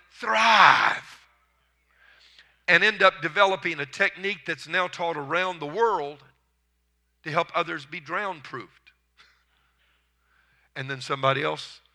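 Male preacher, high and very bright tone, emphatic sermon delivery. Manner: emphatic preaching with rising calls of amen.

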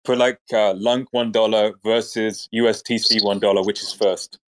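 A man's voice: fairly low pitch, fairly even intonation, normal speed. A man speaking on a casual online audio chat, explaining his ideas with plenty of "like" and "um". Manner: explains with many "like"s. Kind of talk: casual discussion.

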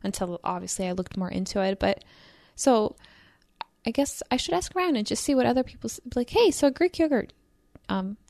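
Female co-host, gravelly edge, dry close mic, questioning casual tone. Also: mid-range voice, very animated, a little fast, a little mellow, no room sound. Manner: musing, questioning, teasing. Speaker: podcast co-host. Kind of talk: casual chat.

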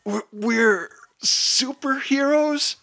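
A man's voice: medium pitch, expressive, unhurried, husky, dry recording. A man voicing a teenage boy superhero leader who talks in an urgent, exasperated way. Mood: desperate.

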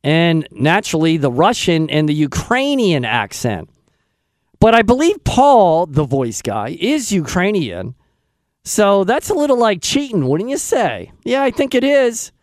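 A man's voice: high voice, big pitch swings, a little slow, no room sound. A man hosting a radio show, chatting in a rambling, casual way into a studio microphone. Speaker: radio host.

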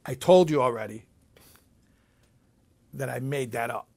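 A man speaking as a rabbi, telling a personal story in an animated way and often repeating himself. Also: mid-range voice, unhurried, gravelly. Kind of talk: storytelling talk.

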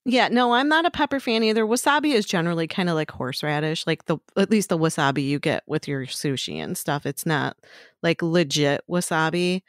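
Middle-aged woman, casual podcast chat, crude jokes, lower voice, dry close sound. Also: animated, brisk, dry recording. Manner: chatty, crude, laughs often.

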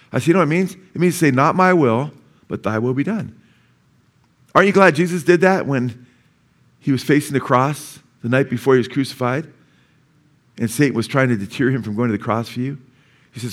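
Man preaching, quizzing his congregation. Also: fairly high pitch. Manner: asks the congregation call-and-response questions; teaches word by word, sounding out terms slowly. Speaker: pastor. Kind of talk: sermon. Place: church before a live congregation.

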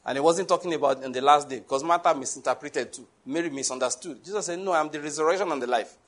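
A male preacher, delivering a lively sermon and asking his congregation questions. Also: on the high side, fast. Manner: animated, rises to shouts, asks the congregation questions.

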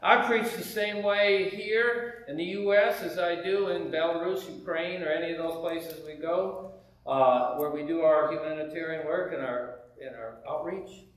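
A man's voice: on the high side, moderate pace, recorded from a distance. A man from the United States preaching a sermon in a conversational way, firing rhetorical questions at the congregation in a church. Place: church sanctuary. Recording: very echoey hall, heard from afar.

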